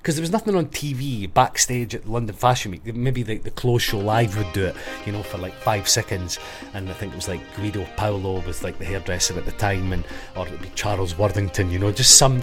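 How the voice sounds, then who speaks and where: Scottish male podcast guest, low-ish voice, rambling sweary storyteller. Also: brisk, few pauses, over music. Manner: animated, sweary, full of filler words. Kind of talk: casual storytelling.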